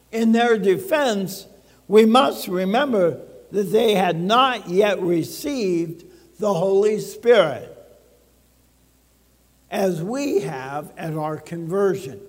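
A man's voice: high voice, lively intonation, slow. A male pastor preaching a sermon in a church, speaking emphatically and checking in with the congregation. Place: church sanctuary. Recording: long reverb of a church hall.

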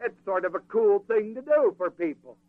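A man preaching a sermon in a folksy, animated way, acting out the people in the scripture. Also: high-pitched, normal speed, no room sound, phone-quality sound.

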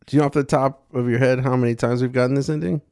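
A man's voice: mid-range voice, fairly even intonation, racing, warm tone, smooth, dry recording. A man co-hosting a podcast over video call, dry and teasing in casual chat. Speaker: podcast co-host.

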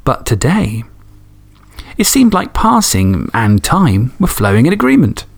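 Podcast guy reading fan fiction, bouncy lively voice, gets excited and cusses. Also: medium pitch, measured pace, vocal fry. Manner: enthusiastic, expressive, swears casually. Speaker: podcast host. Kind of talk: reading fan stories and chatting.

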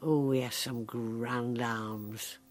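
A woman's voice: very deep voice, extremely slow, loud music behind the voice, full character voice. A dry-witted Northern English woman of ninety-five. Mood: wry. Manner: dry, deadpan, wry storytelling. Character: sharp-tongued woman of ninety-five in a care home. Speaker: monologue character. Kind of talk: dramatic monologue.

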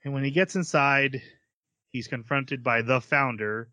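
Guy excitedly retelling an anime episode, bright voice, pretty dry sound. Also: medium pitch, measured pace, dry recording. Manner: animated storyteller, acts out character quotes. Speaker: podcast co-host. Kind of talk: casual anime recap chat.

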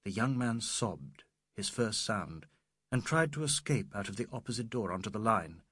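A man reading a novel aloud as narrator, expressive and measured. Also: lowish voice, breathy edge, dry recording, clean studio sound. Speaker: audiobook narrator. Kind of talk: scripted narration.

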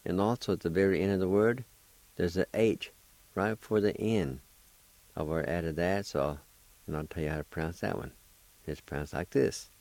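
A man hosting a radio language lesson, spelling out words and repeating each syllable deliberately. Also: deep voice, darkish tone, dry recording. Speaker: language teacher and radio host.

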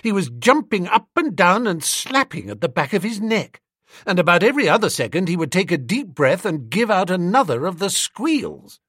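A man narrating a comic story as an audiobook, in a brisk, animated storytelling manner. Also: sits high, husky, no echo, studio quality.

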